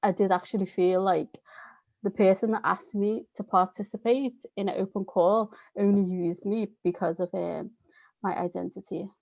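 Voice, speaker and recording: A woman with a Northern English accent, a guest artist telling candid stories in an animated way. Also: medium pitch, moderate pace, gravelly, no echo, muffled recording. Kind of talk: casual chat at a live podcast.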